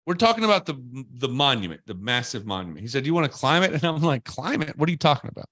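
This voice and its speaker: Man, podcast host, animated casual storyteller, mid pitch, dry sound. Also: fast, dry recording.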